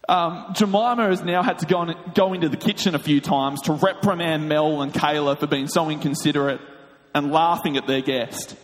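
An Australian man telling a comic story in an animated way with laughing asides. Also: on the high side, moderate pace. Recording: long hall reverb.

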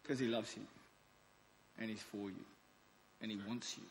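A man in his forties preaching a sermon, with emphatic declarations and softer asides. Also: fairly low pitch, steady tone, normal speed, a little hiss or hum. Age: 40s. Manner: emphatic, swings between loud declarations and soft asides. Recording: long reverb of a large hall.

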